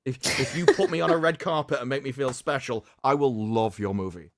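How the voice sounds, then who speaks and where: A man with a mid-pitched voice co-hosting a livestream, talking in long rambling stretches. He often repeats his first words and chuckles at his own stories. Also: brisk, no echo, clean studio sound. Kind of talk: casual chat.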